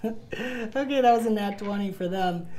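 A woman's voice: medium pitch, a little slow, dark tone. A woman narrating a tabletop role-playing game as game master, giggling often and adding sound effects to her storytelling.

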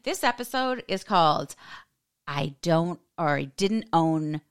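A woman's voice: deep voice, slow, clear, resonant tone. An American woman in her forties hosting a podcast, telling a story in a casual, sassy way and acting out the voices of the people in it. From United States. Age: 40s. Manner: animated, sassy, acts out quoted voices. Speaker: podcast host.

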